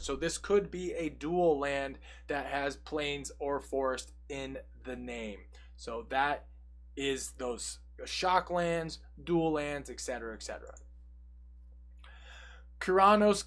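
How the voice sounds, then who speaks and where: A young man casually walking through a card game deck, reading each card's text aloud and adding quick, jokey asides. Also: fairly high pitch, a bit bright. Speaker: deck tech presenter.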